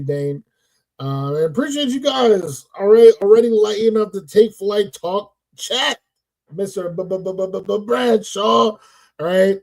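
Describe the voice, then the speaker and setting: A man hosts a casual sports talk show with a high, mellow voice. He keeps things playful, hyping the show and stretching out his shout-outs to the audience. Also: poor audio. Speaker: podcast host.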